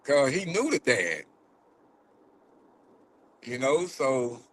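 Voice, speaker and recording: A man's voice: mid-range voice, big pitch swings, extremely slow, rough recording. A man vlogging to his viewers from a car as he drives, loose and profane, and holding back tears. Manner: loose and profane, many fillers. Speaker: vlogger who catches predators. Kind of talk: casual vlog talk to viewers. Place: in a car while driving.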